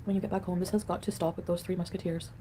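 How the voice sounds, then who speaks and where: A woman's voice: on the low side, steady tone, rapid-fire, dark tone. Chatty woman livestreaming with faint background hum. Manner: chatty and rambling, answers the chat aloud. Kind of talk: casual livestream chat, reading viewer comments.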